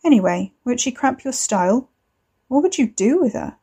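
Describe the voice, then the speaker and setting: A woman's voice: a little high, lively intonation, normal speed, dark tone, breathy edge, pitched above the performer's own voice. A woman voicing a cocky young man who mocks and taunts his cousin over the phone. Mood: taunting. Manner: smug, mocking, drawling.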